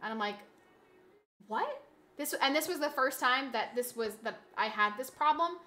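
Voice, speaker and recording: A live streamer chats casually with her viewers from her home setup, her high voice pitched above most and her pace brisk. She rambles through stories, restarting and repeating herself along the way. A desk mic catches her bright, forward tone.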